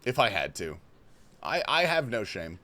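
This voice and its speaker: A man's voice: fairly low pitch, big pitch swings, a little slow, pushed and bright. A young man from Australia hosting a casual gaming livestream, reading chat questions aloud and answering loosely with plenty of swearing. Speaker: livestream host. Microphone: headphones and desk mic.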